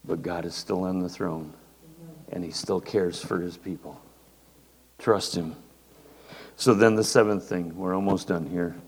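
A man's voice: low voice, steady tone, measured pace, long pauses. An older man preaching a sermon in a folksy, conversational way. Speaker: pastor. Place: church hall. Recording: reverberant hall, faint noise.

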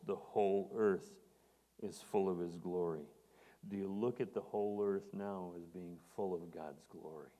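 A man's voice: sits low, fairly even intonation, unhurried, mellow, in a large hall. A man preaching a sermon in an earnest manner, growing emphatic when he quotes scripture.

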